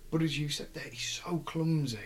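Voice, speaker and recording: A man's voice: a little high, normal speed. A man on a football podcast panel, thinking aloud in casual chat and often restarting his sentences. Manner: thoughtful, with frequent restarts.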